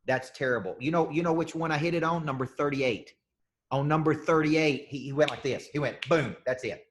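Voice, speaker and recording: Speaking fairly quickly in a steady, slightly high voice, a business coach leads a live session for salespeople. His statements are punchy and emphatic, and he returns again and again to the same phrases.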